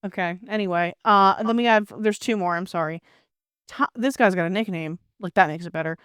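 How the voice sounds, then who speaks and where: A woman in casual chat with her husband, playful and exasperated, recorded close in a quiet room. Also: medium pitch, a little fast, smooth, dry recording. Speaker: co-host, player's wife.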